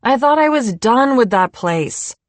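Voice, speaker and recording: Woman voicing a tipsy young chef, playful, animated, storybook reading, dry booth sound. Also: on the high side, unhurried, dry recording, pitched above the performer's own voice. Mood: giddy. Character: giddy tipsy young adult chef, teasing.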